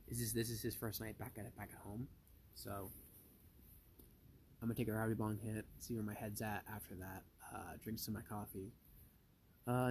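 A man's voice: fairly low pitch, a little hiss or hum. Profane young man ranting to his viewers. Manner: profane, rambling, heated storytelling. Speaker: vlogger. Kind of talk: casual rant to viewers. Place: at home.

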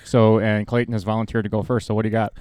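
A man's voice: fairly low pitch, flat delivery, racing, darkish tone, clear, resonant tone, no echo. A man in his thirties from Ohio co-hosting a casual podcast, steering the talk in a laid-back way. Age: 30s. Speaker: podcast co-host. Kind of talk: casual chat.

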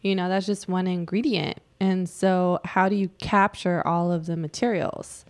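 A woman's voice: lowish voice, fairly even intonation, moderate pace. A woman artist talking casually in an interview, reflective and rambling, with frequent fillers. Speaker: artist guest.

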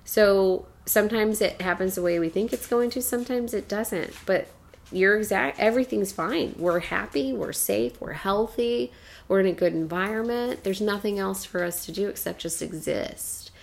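Woman, thirties, podcast co-host; slightly gravelly voice, animated storyteller who acts out the people she talks about. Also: mid-range voice, normal speed. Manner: animated storytelling, acts out her son's lines, laughs often. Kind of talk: casual chat.

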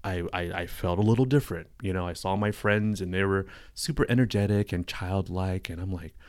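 A man's voice: deep voice, fairly quick, a little mellow, no echo, studio quality. A man from California, a podcast guest, telling his story in an earnest, reflective way during a casual interview. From Stockton, California. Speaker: podcast guest, coworking space owner.

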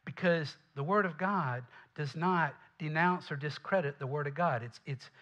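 A man with a Southern accent preaches to his congregation in a loose, conversational way, tossing asides to the room. His voice sits a little high and rings bright and forceful. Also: normal speed. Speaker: pastor. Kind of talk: sermon.

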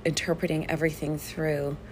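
A woman hosts a podcast in an effusive, animated manner, her voice sitting a little low. Faint noise hums behind her. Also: brisk. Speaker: podcast host and therapist. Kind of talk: podcast monologue.

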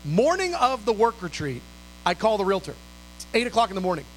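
A man with a very high, bright, forceful voice tells a story from the pulpit. He is animated and jumps into the voices of the people in his story. A faint mains hum sits under his voice. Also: fairly quick, low-quality recording. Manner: animated, acts out dialogue and sometimes shouts. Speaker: pastor. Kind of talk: storytelling sermon.

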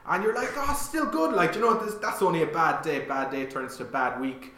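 Give me a rapid, bright young Irish man telling a story in casual chat, peppered with swearing and "like". His voice is a bit higher than average, and the room has a noticeable echo. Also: slight background noise. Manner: swears often, animated, lots of "like". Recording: roomy echo.

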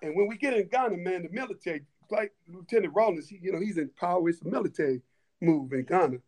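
Guest storyteller: man, fairly high voice, animated, restarts often, casual chat. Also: quick pace. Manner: animated, repetitive restarts, laughing asides.

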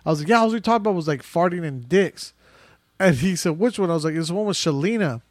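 A man's voice: high voice, expressive, fast, dry recording, studio quality. A man co-hosting a casual podcast, telling loose, laughing stories with lots of swearing. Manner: loose storytelling, heavy swearing, frequent laughs. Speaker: podcast co-host.

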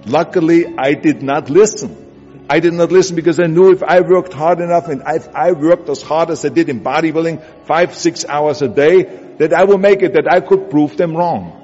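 A man with a German accent delivers an insistent motivational speech, hammering home his points. His voice sits fairly high, and long reverb rolls around him as if he is speaking in a big hall. The sound is dull and muffled, with music playing underneath. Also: moderate pace, a little mellow, breathy edge. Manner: emphatic, repetitive, urging. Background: music bed.

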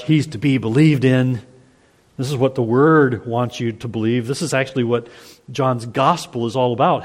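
A man's voice: mid-range voice, darkish tone. A man preaching an expository sermon, earnest and emphatic, reading scripture aloud and explaining it to the congregation. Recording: long hall reverb.

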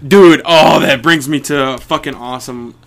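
A man's voice: on the high side, normal speed, creaky. A young man co-hosting a casual podcast, rambling through stories, swearing freely and laughing often. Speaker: podcast co-host.

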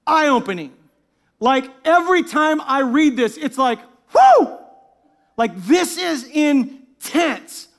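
A man with a fairly high voice delivers a sermon as pastor. He preaches with animated energy and laughs at his own asides, then softens to a hushed tone when he reads scripture aloud. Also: slow pace, gravelly.

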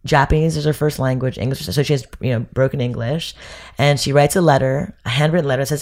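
A woman guest in a casual podcast conversation, telling stories in an animated way with many restarts. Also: very deep voice, fast talker.

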